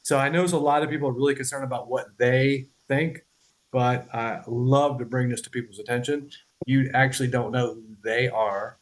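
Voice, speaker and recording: A man's voice: mid-range voice, steady tone, moderate pace, low-quality recording. A man in casual explanatory podcast talk, loose and conversational, swearing, laughing and often checking in with "right?". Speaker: podcast host.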